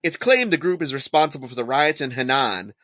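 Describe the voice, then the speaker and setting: A man's voice: medium pitch, expressive, fairly quick, pushed and bright, no room sound. A man co-hosting a podcast, reading out facts in a playful, jokey way. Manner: playful, jokey, breaks into sung lines. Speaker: podcast co-host. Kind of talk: casual podcast banter.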